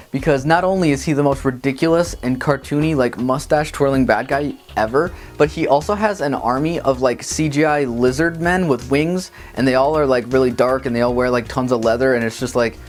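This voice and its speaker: Sarcastic man reviewing a movie. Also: mid-range voice. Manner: sarcastic, mocking impressions. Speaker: film reviewer and show host. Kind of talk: casual movie review vlog. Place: green-screen studio.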